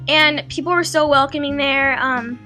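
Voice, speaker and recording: Teen girl vlogger, high bright voice, chatty storytelling voice-over, faint music bed. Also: fairly even intonation, moderate pace. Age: teens. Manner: chatty, full of likes and ums, acts out her own quotes. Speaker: beauty vlogger. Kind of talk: draw-my-life voice-over narration.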